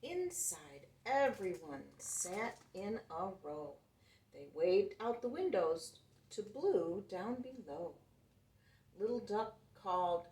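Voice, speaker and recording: A woman reads a picture book aloud for children, slow and sing-song, her pitch swooping up and down. She sounds a little distant, in a roomy space. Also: big pitch swings, a little mellow. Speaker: children's storyteller.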